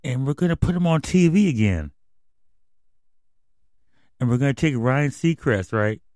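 This is a podcast host with a medium-pitched, darkish voice and lively intonation, talking at a moderate pace in a studio-quality recording with no room sound. Hosting his own radio show, he rants crudely and conspiratorially, swearing throughout and rambling until he closes on an emotional, subdued note.

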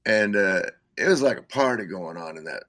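Interview guest, male, low and forceful timbre, dry close sound, loose storyteller with restarts. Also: expressive, moderate pace, dry recording. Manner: rambling, chuckling, many restarts. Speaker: guest musician.

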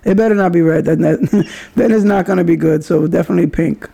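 Talking fast in a fairly high, gravelly yet mellow voice, this young man from the Bronx, New York, runs a laid-back solo podcast. He's playful and talkative, frequently fixing his words mid-sentence.

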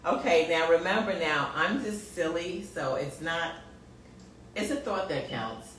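A woman's voice: on the low side, animated, unhurried, a little hiss or hum. Giggly mother hosting, roomy and distant. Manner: giggly and playful, apologetic. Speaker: podcast co-host, mother. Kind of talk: casual chat. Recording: roomy, off-mic with faint ambience.

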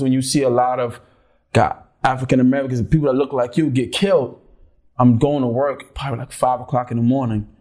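A young man telling a story casually, rambling and restarting often. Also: medium pitch. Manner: animated, rambling, many restarts.

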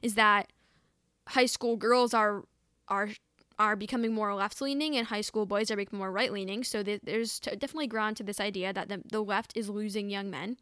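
Young female podcast host, sarcastic and exasperated, restarts often, crisp voice. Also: medium pitch, fairly even intonation, brisk, fairly bright tone, no room sound, clean studio sound. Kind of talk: commentary reading tweets aloud.

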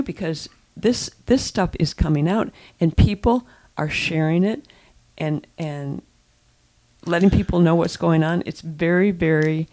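A woman co-host speaks in casual political chat with a gravelly, creaky texture. She is emphatic and often repeats and restarts her phrases as her thoughts build. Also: fairly low pitch, moderate pace, darkish tone. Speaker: co-host and columnist.

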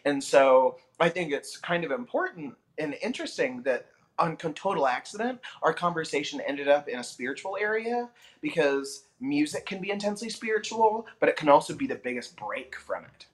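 A man, a comedian, chatting as a podcast guest and telling stories in an animated, expressive way. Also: fairly high pitch, normal speed. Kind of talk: casual chat.

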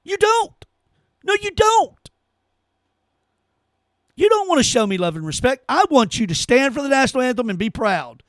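A man's voice: very high voice, very animated, moderate pace, pauses often, a bit bright, dry recording, studio quality. A man hosting his own show, delivering a heated, profane opinion rant full of emphatic repetition. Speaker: podcast host.

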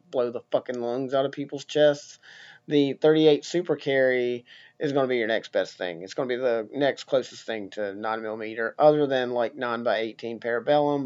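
A man's voice: mid-range voice, a little mellow, dull audio. A man hosting a casual solo podcast, talking bluntly and joking with frequent swearing. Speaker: podcast host.

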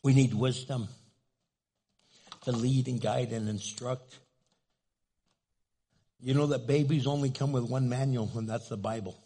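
Gravelly older man preaching with humor. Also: mid-range voice, steady tone, a little slow, pauses often, dark tone. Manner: humorous, playful storytelling preaching. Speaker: pastor. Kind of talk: sermon.

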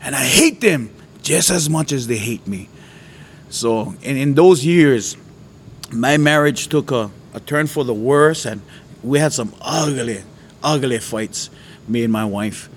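A man's voice: medium pitch, expressive, measured pace, a little hiss or hum. A man from Hawaii, telling a personal faith testimony in an earnest, conversational way.

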